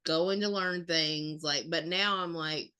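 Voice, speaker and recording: A woman, co-hosting a casual podcast, sassy and expressive. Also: deep voice, slow, smooth. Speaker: podcast co-host. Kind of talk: casual chat.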